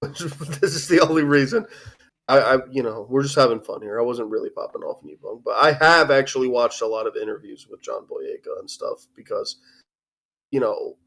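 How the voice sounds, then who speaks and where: A man of middle pitch talking loosely on a live stream. He restarts his sentences with repeated words and swears casually. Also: animated, normal speed, a bit bright. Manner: stammering restarts, profane, joking. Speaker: streamer co-host.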